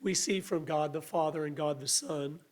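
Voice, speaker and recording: A man's voice: fairly high pitch, fairly even intonation, normal speed, a little mellow. A man preaching a sermon in an earnest, conversational way, his voice a little weak. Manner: earnest, conversational preaching with restarts and acted quotes.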